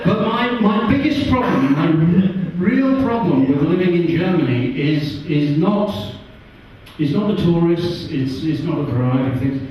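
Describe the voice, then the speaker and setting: Animated English stand-up in a pub. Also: male voice, measured pace. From England. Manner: animated, jumps into high voices for characters. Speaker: stand-up comedian. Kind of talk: stand-up comedy set. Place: pub stage. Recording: distant, roomy and muffled pub recording.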